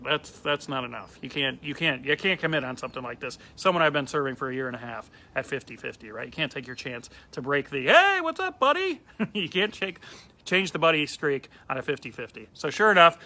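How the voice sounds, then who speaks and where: Bright-voiced man telling comic stories. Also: fast, few pauses. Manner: animated, acts out quoted lines in a higher voice. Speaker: comedian. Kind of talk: casual storytelling.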